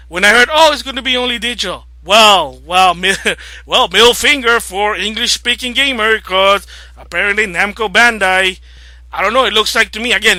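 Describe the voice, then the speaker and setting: A man vlogging about video games, rambling casually and growing agitated and loud as he rants. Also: high-pitched, dry recording. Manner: rambling, grows agitated and loud when ranting. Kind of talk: casual opinion vlog rant.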